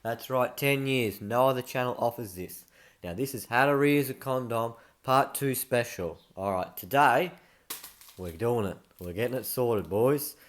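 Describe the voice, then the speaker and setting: Australian bloke, mid-pitched, casual mock-tutorial host, matey and chatty. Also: male voice, unhurried. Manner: blokey, chatty, lots of "mate" and "right?". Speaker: comedy channel host.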